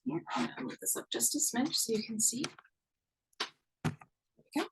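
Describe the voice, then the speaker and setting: A woman's voice: on the high side, moderate pace, recorded from a distance, noisy background. Give me an upbeat woman instructor counting down reps, heard from across the room. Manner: upbeat, encouraging, counts down intervals. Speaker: fitness instructor. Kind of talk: live online workout instruction.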